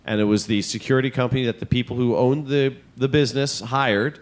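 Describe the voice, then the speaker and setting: A man co-hosting a comedy podcast in a mid-pitched voice, rambling through a long story. He swears freely and keeps to casual chat throughout. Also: fairly even intonation, brisk. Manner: rambling, profane storytelling, acts out his own reactions. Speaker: podcast co-host.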